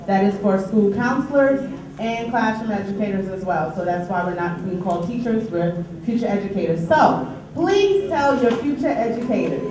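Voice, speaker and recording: A woman with a New York accent, a union treasurer giving committee reports at a members' meeting. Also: medium pitch. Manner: upbeat, animated when announcing. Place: large meeting hall. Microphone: distant from the recorder. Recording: echoey hall from far off, background noise.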